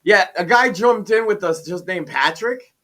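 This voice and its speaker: A man's voice: high-pitched, normal speed. A man on a podcast, casually retelling a gaming story and acting out his own lines. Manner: animated retelling, acts out his own quotes. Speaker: podcast guest.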